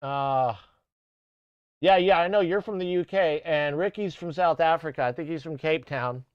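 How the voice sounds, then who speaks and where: A man rambles through a live stream in a loose, profane way, often cutting himself off and trying out silly accents. His voice sits a little high and comes across smooth. The mic is close and dry with a slightly muffled top end. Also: moderate pace, dry recording. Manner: rambling, swearing, self-interrupting; playful mock accents for chat. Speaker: music streamer. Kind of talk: casual live-stream chat.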